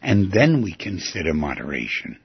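A man playing a calm, reasonable inner "computer" self who coaxes and bargains, recorded on a dull lo-fi track. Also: low-pitched, moderate pace, slightly rough, no room sound, pitched below the performer's own voice, exaggerated voice. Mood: coaxing. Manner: reasonable, coaxing. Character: patient, coaxing rational "computer" self, male.

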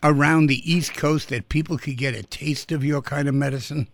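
A man's voice: a little high, fairly even intonation, normal speed, creaky. A man hosting a radio interview, asking questions in a playful, jokey way. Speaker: radio host.

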